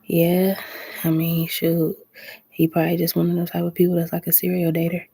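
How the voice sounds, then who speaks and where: A woman tarot reader chatting casually on a late-night live stream, talking low and soft and greeting viewers by name in a laid-back way. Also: completely flat delivery, fairly quick, vocal fry, slightly rough, no echo.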